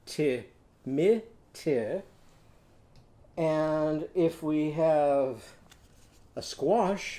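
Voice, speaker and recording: A man's voice: a little high, warm tone. A man teaching a children's literacy lesson, leading call-and-response and drawing out syllables for kids to repeat.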